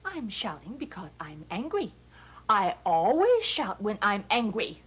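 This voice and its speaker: Husky woman in a course dialogue. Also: mid-range voice, big pitch swings, unhurried, bright, forceful tone. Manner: acts out the feelings in her lines.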